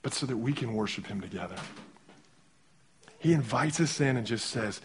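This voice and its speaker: A young man delivering a sermon as pastor in a conversational, animated way, acting out little quotes as he goes. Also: mid-range voice, normal speed, breathy edge.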